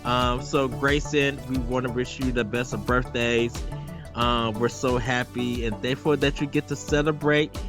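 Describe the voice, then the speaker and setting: A man's voice: mid-range voice, fairly even intonation, unhurried, music in the background. A man hosting a gaming podcast, upbeat and sing-song with lots of ums, in casual chat. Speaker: podcast host.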